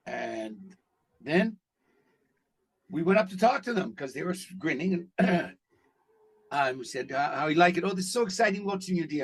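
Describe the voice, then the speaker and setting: A man who is an actor, telling stories in a casual interview, animated and blunt, with some profanity. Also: a little high, slightly rough. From Canada. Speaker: actor guest.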